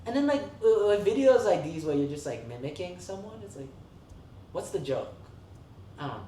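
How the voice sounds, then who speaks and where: A podcast co-host in casual chat, animated and quick to laugh, with lots of "like" fillers. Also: mid-range voice, a little hiss or hum. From Vietnamese heritage. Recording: roomy, distant mic with faint ambience.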